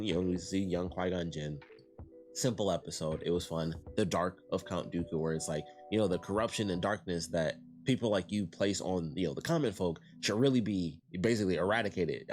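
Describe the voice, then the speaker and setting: A man casually reviewing an animated series, retelling scenes in a rambling way and quoting lines in his own voice. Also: deep voice.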